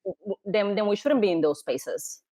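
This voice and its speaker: A woman's voice: mid-range voice, animated, normal speed, warm tone, no room sound. A woman guest, a community organizer from Puerto Rico, making her points earnestly in long run-on sentences. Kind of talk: earnest conversation.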